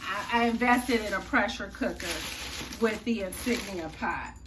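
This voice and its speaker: A woman's voice: mid-range voice, moderate pace, echoey room. A woman hosting a cooking tutorial in a chatty, folksy way. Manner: chatty, folksy, says y'all and honey. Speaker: cooking channel host. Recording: distant mic, faint room noise.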